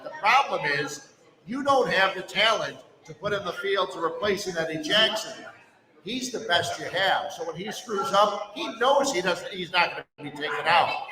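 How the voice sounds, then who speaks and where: A man with a slightly high voice hosts a live sports talk podcast, laying out blunt, emphatic opinions. He sits some distance from the mic in a long-reverb hall. A crowd murmurs steadily behind him. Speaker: sports radio host. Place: brewery release party, indoors. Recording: echoey hall, mic far off, crowd chatter.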